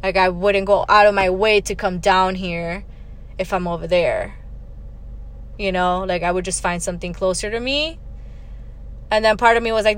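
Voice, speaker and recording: A young woman hosting her own podcast, telling a story as a casual rant in a blunt, profane and exasperated way, rushing ahead and then dropping into low muttered asides. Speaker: podcast host.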